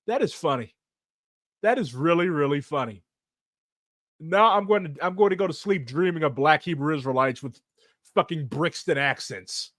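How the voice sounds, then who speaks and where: A man's voice: a little high, normal speed, fairly bright tone, no echo, clean studio sound. A man answering viewer questions in casual chat, sarcastic and profane, laughing often.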